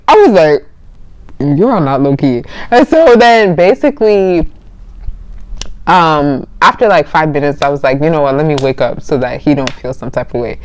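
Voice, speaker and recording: Chatty low-voiced young woman storyteller. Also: animated, normal speed, dry recording. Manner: chatty, laughs often, acts out dialogue. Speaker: vlogger. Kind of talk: casual storytelling.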